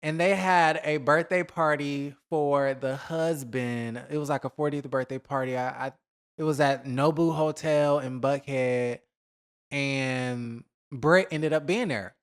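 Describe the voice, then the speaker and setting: A man hosting a celebrity gossip vlog, talking in a chatty, animated way, throwing shade and mimicking people he talks about. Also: medium pitch, clear, resonant tone. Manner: says y'all, drawn-out emphasis. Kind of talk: casual gossip commentary.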